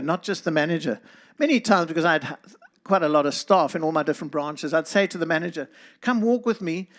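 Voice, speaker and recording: Earnest high-voiced South African man. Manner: earnest, preacherly, speaks to listeners by name. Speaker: guest speaker. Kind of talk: church talk to a congregation.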